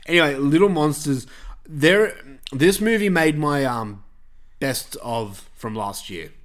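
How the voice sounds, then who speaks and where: A man's voice: fairly high pitch, lively intonation, takes it slowly, fairly bright tone. A man hosting a podcast, chatting casually about films with blunt, sweary opinions. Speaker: podcast host reviewing films. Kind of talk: casual chat.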